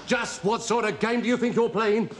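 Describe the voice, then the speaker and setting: An actor playing a brash, bossy air-raid warden in a TV sitcom. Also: male voice, high voice, moderate pace, very noisy, close to an everyday voice. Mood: indignant. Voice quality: brash and hectoring. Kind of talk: 1970s TV sitcom acting.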